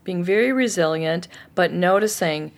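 A woman author being interviewed, teaching forgiveness in a lively, conversational way with frequent restarts. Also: on the low side, moderate pace, creaky.

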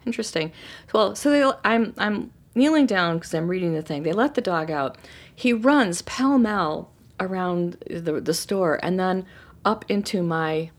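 Animated woman telling a story. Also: on the low side, measured pace. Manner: animated, acts out quoted voices. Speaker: storyteller guest. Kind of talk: casual personal storytelling.

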